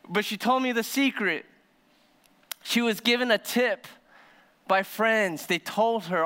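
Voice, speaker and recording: A man preaching a sermon as pastor, telling a story with animated delivery that moves between hushed and excited. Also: high voice, slow pace, pauses often, clear, resonant tone. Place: church sanctuary. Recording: long hall reverb of a church sanctuary.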